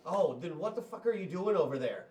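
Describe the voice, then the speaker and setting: A man's voice: fairly high pitch, animated, a little fast, mellow, recorded from a distance, highs cut off, a little hiss or hum. Guy cracking teasing jokes at the table, sits back from the mic, roomy sound. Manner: wry, teasing quips. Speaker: player. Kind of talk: tabletop game banter. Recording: echoey, off-mic.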